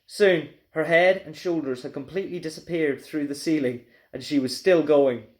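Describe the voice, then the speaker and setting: A man's voice: on the high side, normal speed. Man reading a children's story aloud. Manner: expressive storyteller. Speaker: teacher.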